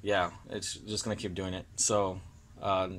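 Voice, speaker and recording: A man's voice: low-pitched, little pitch movement, a little slow, fairly bright tone. A young man hosting a casual card-opening vlog, sounding annoyed and apologetic as he stumbles over card names. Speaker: card-opening video host.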